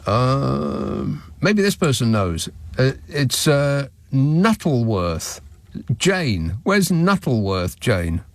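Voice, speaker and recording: A man's voice: medium pitch, sing-song, drawn-out words, vocal fry, dry recording. A man hosting a late-night radio phone-in, talking in a dry, sardonic, mock-indignant way.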